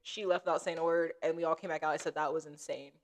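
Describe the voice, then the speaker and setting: A woman's voice: deep voice, fairly even intonation, fast talker. A woman co-hosting a podcast, chatting casually and acting out quoted lines as she tells a story. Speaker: podcast co-host.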